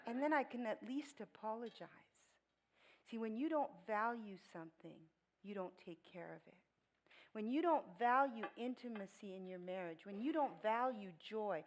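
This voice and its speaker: Animated woman speaker telling a story. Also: mid-range voice, rough recording. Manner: animated storytelling with laughs and voiced quotes. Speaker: guest speaker. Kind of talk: storytelling church talk.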